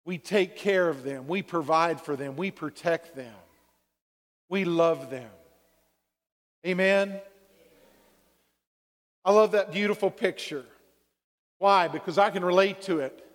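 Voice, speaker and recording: A man's voice: high-pitched, slow, long pauses, in a large hall. A male pastor preaching a sermon, calling out "Amen?" to the congregation and acting out everyday quotes. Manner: preaching with call-and-response "Amen?" and acted-out quotes.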